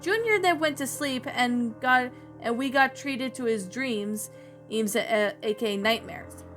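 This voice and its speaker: A woman's voice: fairly high pitch, measured pace, a bit bright, faint music behind. Woman reading a creepy story.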